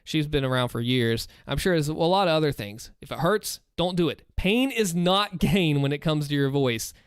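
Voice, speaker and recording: A man's voice: a little high, animated, normal speed, smooth, dry recording, studio quality. A man casually chatting on a live stream, answering viewer questions with earnest, rambling advice and frequent restarts, speaking into a desk microphone at home. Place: home room, seated in a chair.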